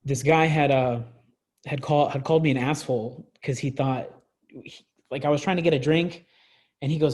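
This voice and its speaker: A man's voice: mid-range voice, fairly even intonation, fairly quick, darkish tone. A young man as a podcast guest, telling a story in a rambling way, full of fillers and restarts. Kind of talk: casual storytelling.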